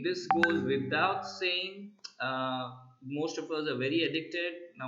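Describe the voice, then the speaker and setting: A middle-aged man, a soft skills trainer, gives emphatic interview tips to camera and keeps checking in with "right?". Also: mid-range voice. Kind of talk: instructional talk to camera. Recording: roomy, slightly dull sound.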